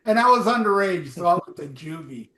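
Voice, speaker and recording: Rambling podcast host, man, high bright voice, echoey room. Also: lively intonation, brisk. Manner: rambling, profane, jokey. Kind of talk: casual podcast banter.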